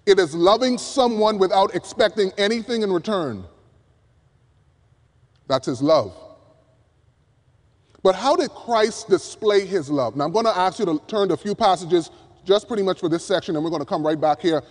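A male preacher delivering an emphatic sermon from the pulpit, swinging from loud appeals down to hushed words. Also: high-pitched, normal speed, pauses often. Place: church pulpit. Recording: long reverb of a large hall.

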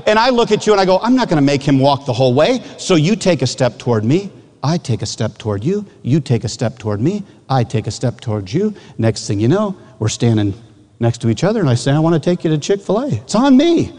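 A man in his fifties from Michigan, a pastor preaching a sermon with lively acted-out illustrations and sudden shouts. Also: fairly high pitch, long reverb tail.

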